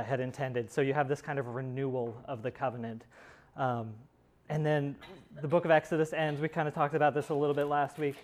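A man teaching a Bible study class in a conversational way, with many pauses and restarts. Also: mid-range voice.

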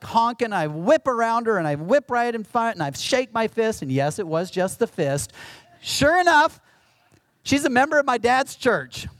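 A middle-aged male pastor giving a conversational sermon with self-deprecating humor. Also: fairly high pitch.

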